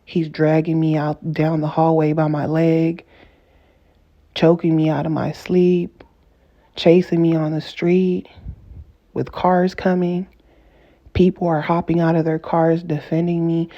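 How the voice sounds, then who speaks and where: A woman's voice: low voice, little pitch movement, unhurried, long pauses, mellow, lo-fi sound. A woman vlogger in an earnest, casual monologue who repeats and rephrases herself for emphasis. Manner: earnest, repetitive, builds emphasis through rephrasing. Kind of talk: casual personal monologue to camera.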